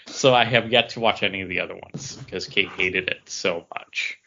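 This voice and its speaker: A man co-hosting a podcast, chatting in a relaxed, slightly hesitant way. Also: deep voice, normal speed, vocal fry, dull audio, slight background noise. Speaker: podcast co-host. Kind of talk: casual chat.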